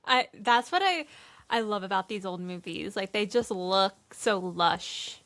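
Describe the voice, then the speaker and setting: Young woman, podcast cohost, casual and animated; bright, dry close-mic sound. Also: mid-range voice, a little slow, dry recording. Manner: animated, acts out movie scenes in quoted voices. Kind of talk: casual chat.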